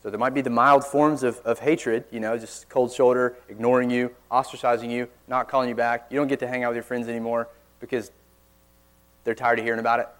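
A man preaching a sermon in church, earnest, pressing hard on key words and then dropping suddenly quiet. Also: medium pitch, flat delivery, brisk. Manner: earnest, forceful emphasis with sudden quiet drops.

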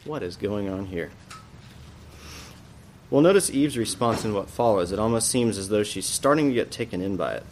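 A man's voice: on the low side, expressive, normal speed, pauses often, slight background noise. Man teaching a church Bible lesson. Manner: explanatory, thinking aloud with questions. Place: church classroom.

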